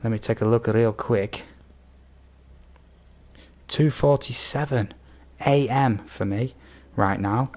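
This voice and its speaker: Slow and a little mellow, this young British man's medium-pitched voice pauses often. He's a gaming streamer chatting loosely on stream, rambling through viewer questions with lots of ums and asides.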